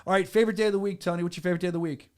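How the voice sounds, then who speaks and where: A man hosting a sports podcast rattles through his questions at a rapid clip, joking and excitable. His voice sits slightly high for a man and keeps tipping into laughter. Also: smooth. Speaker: podcast host and venue announcer. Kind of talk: casual podcast chat.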